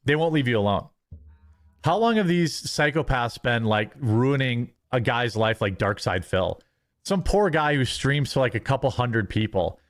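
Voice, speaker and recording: A man's voice: mid-range voice, expressive, normal speed, no room sound. A man streaming a ranting commentary, contemptuous of his critics and mocking them. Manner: contemptuous, mocks critics in sneering voices.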